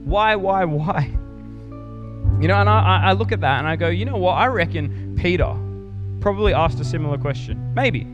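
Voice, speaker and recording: A young man delivers a sermon in a chatty, conversational way that swells into earnest urgency. His voice sits a little high for a man. A long hall reverb and faint band music surround him. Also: animated, quick pace, muffled recording. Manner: conversational, builds to earnest intensity. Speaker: preacher.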